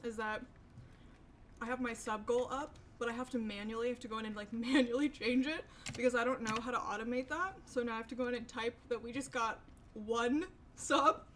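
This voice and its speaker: A woman's voice: fairly high pitch, steady tone, fairly quick, fairly bright tone, slight background noise. Chatty young woman livestreaming. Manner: chatty, rambling, swears freely. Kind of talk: casual chat with stream viewers.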